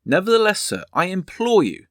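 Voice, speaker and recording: A man's voice: high-pitched, wildly swooping pitch, brisk, dry recording, studio quality, voice pushed up. A man voicing a frail, elderly night watchman who pleads humbly but holds to his duty. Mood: pleading.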